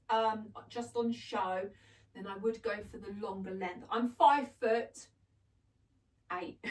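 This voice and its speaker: With a voice on the high side and a distant mic, a middle-aged woman runs through a clothes try-on haul at home. This fashion vlogger keeps the chat casual and gushing, laughing a lot and making self-deprecating jokes.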